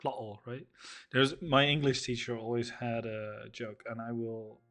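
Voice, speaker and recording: A man co-hosting a casual writing chat, thinking aloud in a halting way and poking fun at his own accent attempts. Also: mid-range voice, fairly even intonation, fairly bright tone. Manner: self-mocking about his own accents. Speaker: podcast co-host.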